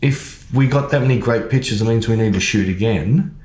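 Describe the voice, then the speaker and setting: A man co-hosting a podcast in casual chat, talking in a chatty, animated way and acting out quoted lines. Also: medium pitch, brisk. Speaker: photographer and podcast co-host. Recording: echoey room.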